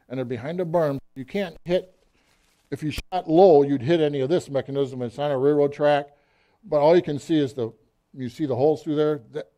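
A middle-aged man telling a story from the pulpit in a folksy, animated way, acting out the scenes as he goes. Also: fairly high pitch. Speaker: church speaker. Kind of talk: storytelling sermon.

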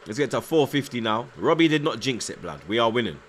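A man's voice: mid-range voice, very animated, quick pace, a little hiss or hum. A young man, chatting casually on a live football stream, reading out viewer comments, nervous but hyped. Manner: slangy, repeats himself, reads out chat, nervous yet hyped.

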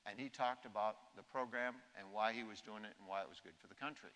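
Speaking fast with a lowish, bright, forceful voice, this keynote speaker, a man in his sixties, entertains a conference with funny anecdotes and acted-out quotes. The large hall makes the recording echoey.

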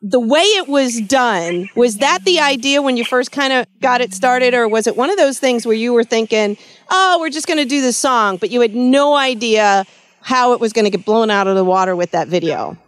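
A woman's voice: a little high, lively intonation, normal speed, no room sound. Bubbly woman radio host, close dry mic. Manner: bubbly, giggly, chatty. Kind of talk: casual radio interview.

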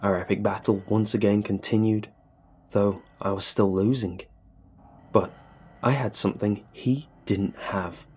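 A man's voice: on the low side, steady tone, measured pace, darkish tone, breathy edge. A man narrating a comedic horror story in the first person, with dry comic asides. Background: faint music.

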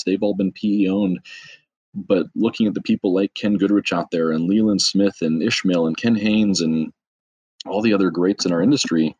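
Husky low-voiced man telling stories. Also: darkish tone, no room sound, poor audio. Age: middle-aged. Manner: chatty, self-deprecating, quick asides. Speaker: guest, trades business owner. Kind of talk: casual storytelling.

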